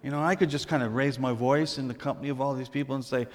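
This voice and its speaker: A man pastor giving a humorous, storytelling sermon, dropping to a hush for emphasis. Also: medium pitch, steady tone, quick pace, big-room sound.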